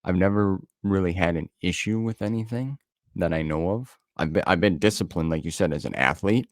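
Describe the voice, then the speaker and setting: A man's voice: low voice, brisk, no room sound, studio quality. A man co-hosting a casual podcast chat, telling stories in an earnest, rambling way. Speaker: podcast co-host.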